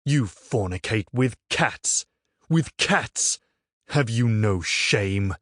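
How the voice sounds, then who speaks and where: A man's voice: fairly low pitch, a little slow, a little mellow, no echo, studio quality. Male narrator as a zealous inquisitor friar, thundering sermons, menace under false sweetness. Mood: furious. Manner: roaring hellfire preaching, then falsely sweet.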